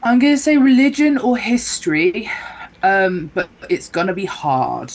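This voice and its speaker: A woman running a tabletop game as game master, giving measured, descriptive narration with thinking pauses. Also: medium pitch, poor audio.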